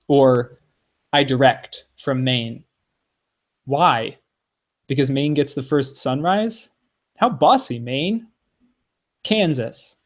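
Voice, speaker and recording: A man co-hosting a podcast, reading a poem aloud with expressive phrasing and playful asides. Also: mid-range voice. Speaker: podcast co-host. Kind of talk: podcast poetry reading and discussion.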